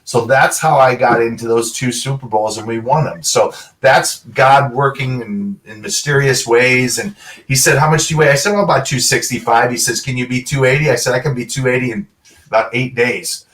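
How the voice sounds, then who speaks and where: A middle-aged man with a plain mid-range voice tells stories in a casual interview. He talks in an animated way and acts out quick snatches of dialogue. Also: medium pitch, far from the mic, rough recording. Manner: animated storyteller, quotes people in short dialogue. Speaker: guest, former pro football player.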